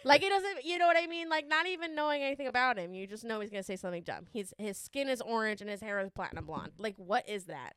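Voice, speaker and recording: A woman's voice: fairly high pitch, animated, quick pace, few pauses, a bit bright, smooth, dry recording, studio quality. A woman co-hosting a casual chat, joking and blunt, now and then putting on a playful Southern drawl. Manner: blunt and profane. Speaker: podcast co-host.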